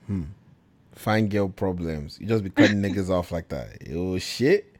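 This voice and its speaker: A man's voice: low-pitched, a little slow, a little mellow. A man hosting a casual talk radio show, laid-back and slangy, laughing often.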